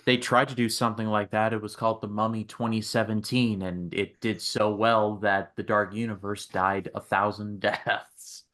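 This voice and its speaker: A man's voice: fairly low pitch, level tone, moderate pace, few pauses, fairly bright tone. A man chatting casually about movies, joking and a bit hesitant, self-deprecating. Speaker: podcast co-host.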